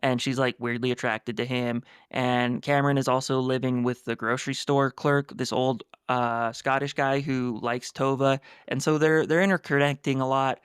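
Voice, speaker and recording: A man chats casually on a book podcast, adding background to the story. His voice is smooth and resonant at an ordinary pitch. The sound is dry and close. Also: little pitch movement, normal speed, few pauses, dry recording. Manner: chatty, filling in story context. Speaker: podcast co-host.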